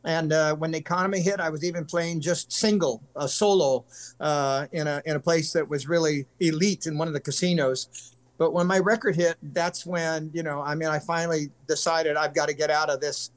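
A man's voice: a little high, fairly even intonation, normal speed. An older man from California, a country singer guest telling long earnest stories in casual interview chat. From California, USA. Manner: earnest, rambling storyteller.

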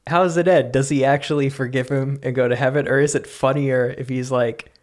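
A man's voice: medium pitch, fairly even intonation, brisk, darkish tone. Easygoing male podcast co-host brainstorming. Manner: easygoing, laughs often, acts out characters. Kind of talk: casual creative brainstorming chat.

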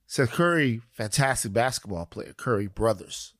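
A man co-hosts a podcast in casual conversation, rambling, joking, and repeating phrases for laughs. His mid-range voice is expressive at a normal speed, recorded cleanly in a studio with no room sound.

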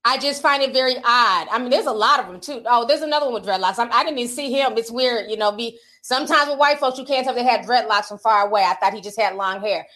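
An entertainment commentator gives candid, chatty talk-to-camera commentary, addressing her viewers directly and reading out social media comments. Her voice is a little high, bright and forceful, and she talks quickly with hardly any pauses.

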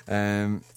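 A man's voice: sits high, creaky, husky. A man co-hosting a music radio show, chatting casually and rambling with frequent restarts in a studio. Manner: rambling, halting, with many restarts and laughs. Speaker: co-host.

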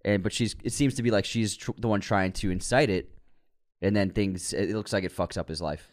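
A man, co-hosting a casual movie news podcast, acting out quotes and tossing in quick asides. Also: lowish voice, steady tone. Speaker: podcast co-host.

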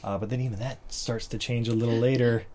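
A man casually recapping a movie plot in a chat, rambling with lots of fillers and jumping into high-pitched voices for characters. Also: fairly even intonation, quick pace, a little mellow.

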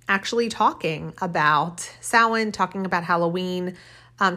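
Her voice fairly low but pushed and bright, a female podcast host rambles through a heartfelt personal story in a casual monologue, frequently breaking into laughter.

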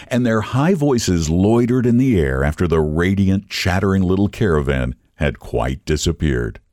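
A man who hosts a podcast, reading a literary story aloud in an expressive, measured storytelling manner. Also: sits low, no room sound, clean studio sound. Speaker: podcast host and story reader.

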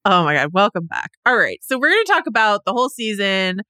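A woman hosting a podcast over a video call, chatting quickly and excitably and laughing easily. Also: medium pitch, smooth, no room sound, studio quality. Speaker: podcast host.

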